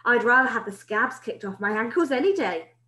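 A flustered young schoolboy protests in a softer, slightly lower voice, as a woman reading a storybook puts him on. The recording is roomy and echoey. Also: lively intonation, a little fast. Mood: protesting. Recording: roomy echo.

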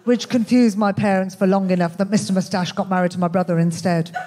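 A woman with a Birmingham accent performing a stand-up comedy set in a club, with a dry, deadpan, self-mocking delivery. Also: medium pitch, quick pace, a little hiss or hum. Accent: Birmingham English. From England. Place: comedy club with live audience.

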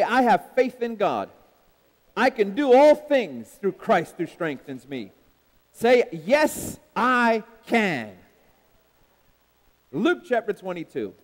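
Animated high-voiced preaching man. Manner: emphatic preaching with repeated refrains; calls for responses from the congregation. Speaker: pastor. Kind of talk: sermon. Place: church sanctuary. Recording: long hall reverb in a church.

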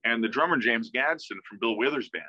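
A man, a musician guest in a casual interview, telling an animated story that acts out quoted dialogue, with many restarts, heard over a video call. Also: medium pitch, a little fast. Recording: dull, dry video-call audio.

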